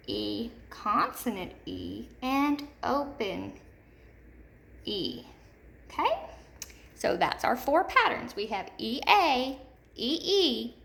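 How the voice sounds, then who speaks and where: Slow, clear-spoken woman teacher. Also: on the high side, a bit bright, slight background noise. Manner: slow, clear teacherly enunciation, repeats words. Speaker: third grade teacher. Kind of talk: recorded remote lesson.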